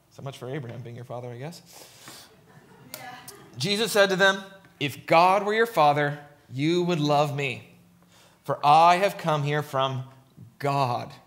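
A man delivering a church sermon, moving between read scripture and emphatic commentary. His voice sits a little higher than most men's, and he keeps asking "right?" to draw listeners along. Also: a bit bright. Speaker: preacher.

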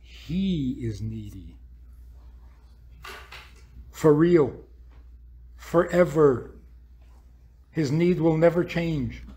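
A man's voice: fairly high pitch, a little mellow, slightly rough. A man speaking as a rabbi, lecturing an audience with provocative rhetorical questions and acting out what imagined people would say.

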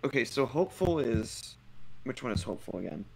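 A man playing a tabletop game speaks with urgency and a commanding tone. His voice has a gravelly edge. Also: medium pitch, sing-song, brisk, a little mellow, rough recording. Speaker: player.

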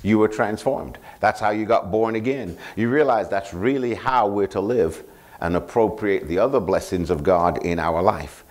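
A male pastor preaching a sermon, prompting the congregation to finish his phrases and repeating scripture references slowly for emphasis. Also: lowish voice. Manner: call-and-response, asking the congregation to finish his lines.

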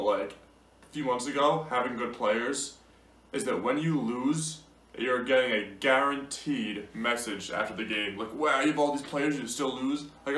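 A man's voice: mid-range voice, fairly bright tone. Amused young man in a roomy room. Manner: amused, incredulous, laughs often. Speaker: gaming YouTuber. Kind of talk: casual commentary reading out messages. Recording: roomy sound from a distant mic.

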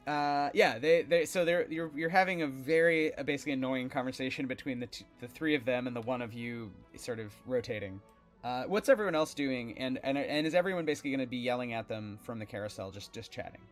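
A man's voice: mid-range voice, fast talker, soft background music. Rambling man running a tabletop game. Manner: rambling with fillers. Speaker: game master.

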